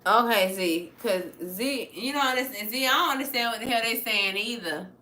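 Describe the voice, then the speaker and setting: A young American woman hosting a casual livestream, animated and profane, swinging between mutters and loud bursts. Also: fairly high pitch, normal speed, roomy sound. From United States. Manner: profane, playful. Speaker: livestream host.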